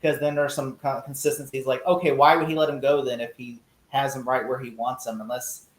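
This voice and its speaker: Animated man in a roomy echo. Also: mid-range voice, fairly quick. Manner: animated storyteller who acts out quotes in mock voices. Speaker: podcast guest. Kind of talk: casual podcast discussion.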